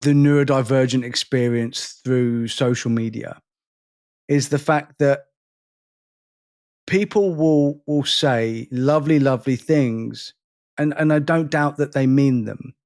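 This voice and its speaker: This podcast co-host has a medium-pitched, somewhat dark voice. He talks emphatically in casual conversation, venting his frustration at length.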